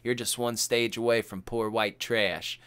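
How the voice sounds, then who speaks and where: A man quoting a calm, cultured, menacing male cannibal psychiatrist in a low, quiet, cutting delivery. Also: unhurried, smooth, lightly acted. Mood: cold contempt.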